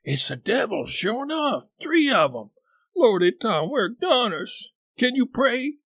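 A man voicing a superstitious, scared backwoods boy who whispers in a rural dialect, his voice high, strained and shaky. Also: animated, normal speed, a bit bright, husky, no echo, clean studio sound, heavily acted. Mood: terrified.

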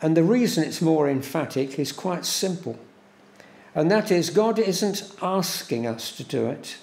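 A man preaching a sermon in a church, slow and deliberate, repeating words for emphasis. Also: a little high, animated, a little mellow. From England. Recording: echoey church room.

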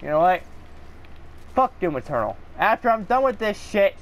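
A man's voice: high voice, very animated, moderate pace. A man giving live gameplay commentary, swearing and ranting angrily at the game. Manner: profane, angry ranting at the game. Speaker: gaming video creator.

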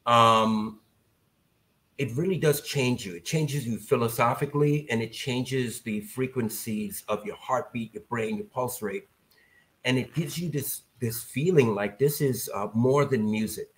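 A podcast guest with a mid-range voice tells a story in a casual, animated way, acting out the voices of the people he quotes.

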